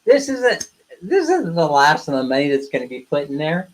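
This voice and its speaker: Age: adult. Sex: man. Pitch: fairly high. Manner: blunt, ranting live streamer. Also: sing-song, moderate pace, rough recording. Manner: blunt, ranting, talks straight to viewers. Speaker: live streamer, co-host of a couple's channel. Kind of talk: casual live stream talk.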